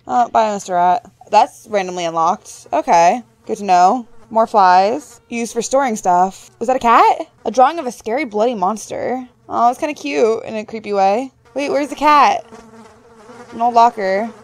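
With no room sound and a normal pace, this young woman narrates her horror gameplay like the gaming YouTuber she is. Between reading text aloud and joking to herself, she squeals in shrill surprise.

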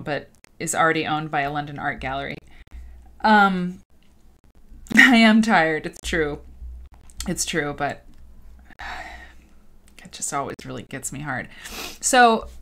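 A woman's voice: low voice, a bit bright. A woman in her thirties hosting a casual livestreamed quilting show, emotional and talking to her viewers directly. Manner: emotional, talks to viewers and reads comments aloud. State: tearful at times.

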